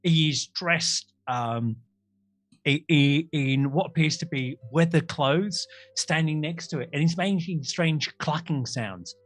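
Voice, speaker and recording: A man's voice: on the high side, slow, a bit bright. A man narrating a tabletop game as game master, rambling and correcting himself as he goes. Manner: rambling, self-correcting, jokey.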